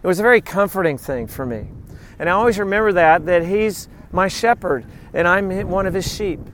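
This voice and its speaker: A middle-aged male pastor with a notably high voice delivers a sermon. He reads scripture aloud and drops into animated, joking asides to his listeners. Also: brisk, slight background noise.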